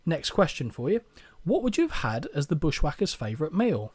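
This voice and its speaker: A man hosting a recap podcast, his pitch sitting a little high and bouncing all over as he cracks sarcastic asides. The sound is dry and close. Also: big pitch swings, a little fast, darkish tone, husky, dry recording. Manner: wry, sarcastic narration with jokes. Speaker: podcast host. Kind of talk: comedic recap podcast chat.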